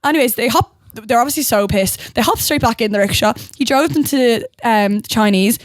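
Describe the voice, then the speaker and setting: A young Irish woman with a fairly high voice chats on a podcast, giggling and wandering off into side stories. She is recorded close and dry, with no room sound. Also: normal speed, no room sound. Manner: giggly, rambling storyteller who sidetracks. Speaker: podcast co-host. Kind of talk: casual chat.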